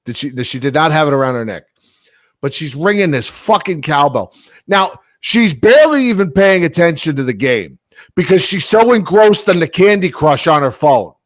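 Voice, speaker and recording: A man's voice: fairly high pitch, big pitch swings, normal speed, no echo. A man co-hosting a casual sports podcast, ranting animatedly and swearing freely. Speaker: podcast co-host. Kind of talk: casual chat.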